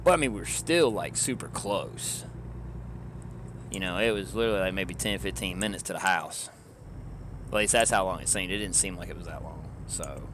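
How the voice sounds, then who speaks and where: A man from Georgia with a Southern accent, chatting with his stream viewers in a relaxed, rambling way, often chuckling. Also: deep voice, normal speed, background noise. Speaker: live streamer. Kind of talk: casual chat with stream viewers. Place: in a car.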